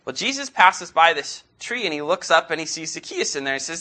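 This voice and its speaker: A man's voice: on the high side, sing-song, fairly quick, few pauses, bright, forceful tone, a little hiss or hum. A man preaching as a guest in church, telling stories earnestly and asking rhetorical questions. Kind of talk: sermon.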